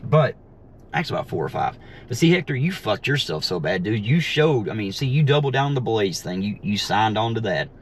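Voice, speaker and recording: A man's voice: on the low side, sing-song, brisk. Profane man ranting from his car. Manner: profane, heated, mocking. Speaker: vlogger. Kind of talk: ranting while driving. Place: inside a car. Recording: faint road noise in a car. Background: faint vehicle noise.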